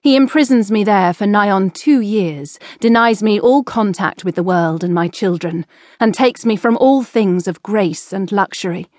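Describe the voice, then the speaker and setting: A woman's voice: medium pitch, moderate pace, darkish tone, no room sound, studio quality, natural voice. A woman reading an audiobook, voicing a proud, strong-willed middle-aged queen who speaks firmly and defiantly. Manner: firm, defiant, clipped.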